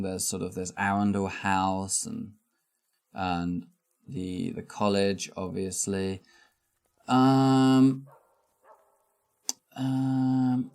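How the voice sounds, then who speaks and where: Slow, hesitant game master. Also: male voice, on the low side, a little mellow. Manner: slow, hesitant, many ums. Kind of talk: narrating a tabletop game.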